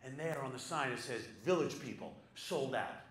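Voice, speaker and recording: A man telling a comic anecdote to a live audience, animated and punchy, building to loud excited peaks. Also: medium pitch, moderate pace. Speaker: storyteller on stage. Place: live venue with audience laughter. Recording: echoey live hall with crowd noise.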